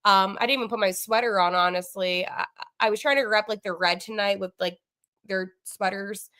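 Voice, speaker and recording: Bright, gushing woman sports podcast host. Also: mid-range voice, steady tone. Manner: gushing and flustered, fast asides with fillers. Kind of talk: excited live post-game sports chat. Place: at home.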